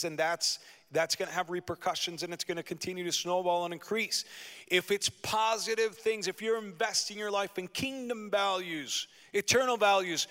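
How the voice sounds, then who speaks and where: A man pastor preaching a lively sermon in a church, asking the congregation rhetorical questions. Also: a little high, smooth. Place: church sanctuary. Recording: long hall reverb.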